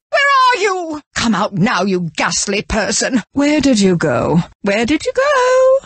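A woman voicing a haughty, unhinged society lady in a video game, shrill and imperious, swinging between sighs and screams. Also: sharp tone, no room sound, exaggerated voice. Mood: menacing. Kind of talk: video game character barks.

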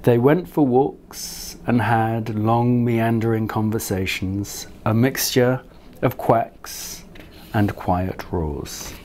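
A man reading his own picture book aloud to children in a gentle, unhurried storytelling manner. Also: medium pitch, a little hiss or hum.

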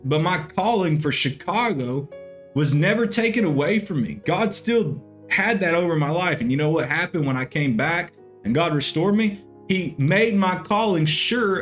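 Earnest man teaching a Bible lesson. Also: fairly high pitch. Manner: earnest, conversational, with frequent "you know". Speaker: pastor.

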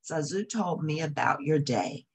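Lady doing a deep calm lion king dad, wise and steady, storybook read. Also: a little hiss or hum. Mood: fatherly. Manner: calm, measured, fatherly. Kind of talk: storybook reading.

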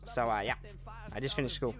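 Fast-talking young Australian man. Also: mid-range voice, steady tone, a bit bright, soft background music. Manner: chatty, laid-back, peppers talk with "man" and "um". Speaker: gaming streamer. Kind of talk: casual live-stream chat reading viewer comments.

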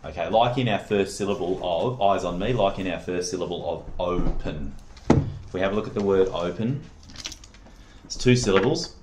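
A man's voice: low-pitched, normal speed, heavy background noise. A man tutoring a child one-on-one in phonics, giving patient, encouraging drill prompts. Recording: echoey room.

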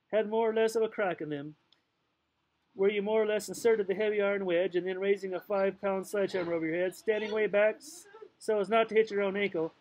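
In a low-quality recording, a man with a high-pitched, darkish voice reads a novel aloud as an audiobook reader. His casual narration is loose and playful, with occasional stumbles and asides.

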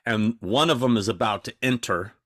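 In a clean studio recording with no echo, a man with a lowish voice co-hosts a podcast at a moderate pace. His casual chat is full of animated, profane stories in which he imitates other people.

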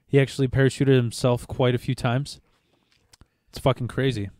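A man with a mellow, darkish voice rambles through profane stories in a casual podcast chat. He restarts his sentences often and keeps swearing as he goes. The sound is close and dry, with no room around it. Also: mid-range voice, level tone, moderate pace, no echo.

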